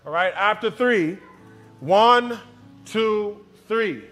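A pastor preaching in a church, leading the congregation in call-and-response and repeating phrases slowly. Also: male voice, sits high, expressive, fairly bright tone, soft background music. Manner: slow, drawn-out delivery with repetitions. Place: church sanctuary.

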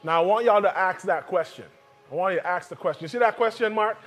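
A pastor preaching in a church, leading the congregation in call-and-response and repeating phrases slowly. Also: male voice, sits high, fairly bright tone. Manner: slow, drawn-out delivery with repetitions. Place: church sanctuary.

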